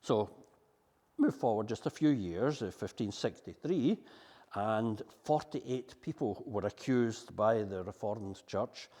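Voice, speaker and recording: A man's voice: on the low side, lively intonation, takes it slowly, mellow. A Scottish man giving a public history talk to an audience in a hall, chatty and digressive while reading from his script. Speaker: local history speaker. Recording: long hall reverb.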